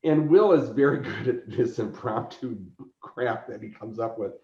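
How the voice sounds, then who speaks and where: A man telling convention stories in casual chat, lively and laughing, acting out quotes. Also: medium pitch, moderate pace, creaky. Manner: animated, laughing, acts out quoted voices. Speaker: convention organizer, podcast guest. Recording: roomy, dull lo-fi sound.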